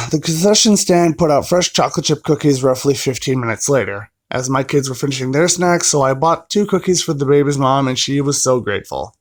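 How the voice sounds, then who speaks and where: A man's voice: medium pitch, lively intonation, moderate pace. A man reading online stories aloud, breaking off now and then for wry, chatty comments. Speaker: story reader.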